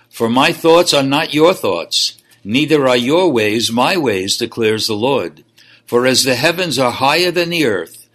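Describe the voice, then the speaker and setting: A man's voice: medium pitch, creaky, bright, forceful tone. A man co-hosting a religious program, teaching the Bible in an earnest, emphatic preaching cadence and reading scripture aloud.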